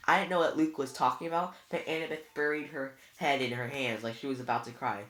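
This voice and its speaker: A reader narrating a novel aloud in a plain, steady way. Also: medium pitch, fast, hardly any pauses. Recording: roomy echo.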